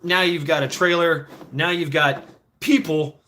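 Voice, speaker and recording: A man's voice: fairly high pitch, steady tone, unhurried, bright, forceful tone, slight background noise. A middle-aged man telling rambling, profane stories in a casual chat, with frequent restarts. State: foot injured, limping.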